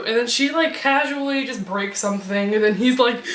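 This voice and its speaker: A young woman giving a casual book review vlog, gushing and excitable like a fangirl. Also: sits high, moderate pace, hardly any pauses, reverberant. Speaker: book vlogger.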